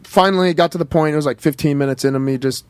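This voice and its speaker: A man telling a comic anecdote on a podcast, animated and laughing often. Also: fairly high pitch, very fast, clean tone, no room sound. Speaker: guest storyteller.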